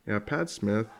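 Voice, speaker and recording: A man's voice: on the low side, gravelly, husky, lo-fi sound. A man casually commentating on old fight footage, rambling, swearing often and laughing along.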